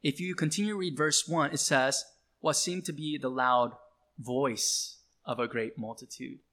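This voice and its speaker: A male pastor delivering a sermon, repeating key phrases slowly and with emphasis. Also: mid-range voice, sharp tone.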